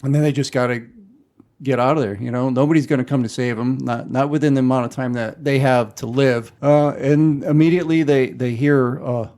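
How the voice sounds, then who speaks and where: A man talking loosely on a podcast, wandering through a film plot with plenty of fillers. His voice sits at an ordinary middle pitch. The chat is casual and unhurried. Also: fairly even intonation, a little mellow. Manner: rambling, loose retelling with fillers. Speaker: podcast host.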